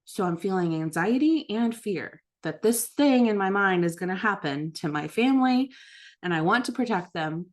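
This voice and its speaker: A mother leading a book study, talking in a gentle, reflective, casual way about her own habits. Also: medium pitch, expressive, normal speed. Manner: gentle, self-reflective, with occasional laughs. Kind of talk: reflective casual teaching talk.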